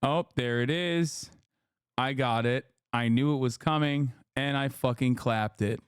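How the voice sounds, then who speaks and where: A man's voice: medium pitch, a little slow, clear, resonant tone, dry recording, studio quality. A man hosting a livestream, reacting to posts with sarcastic, mocking, profane commentary. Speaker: livestream host.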